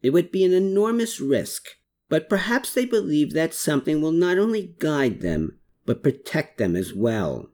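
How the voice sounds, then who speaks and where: A man's voice: a little high, very animated, moderate pace, darkish tone. A narrator voicing a determined man who reasons aloud through his plans. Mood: pondering. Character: tense determined man investigating.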